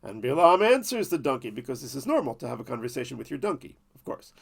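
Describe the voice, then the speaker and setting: A man's voice: medium pitch, very animated, fast talker, creaky. A man telling a Bible story as a lesson, with playful, jokey asides. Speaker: Torah teacher.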